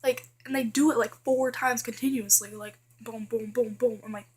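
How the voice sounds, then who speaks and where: A woman's voice: fairly high pitch, steady tone, moderate pace, a little mellow, a little hiss or hum. A teenage girl vlogging casually, chatty and full of fillers, complaining about things that annoy her. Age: teens. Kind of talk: casual list vlog.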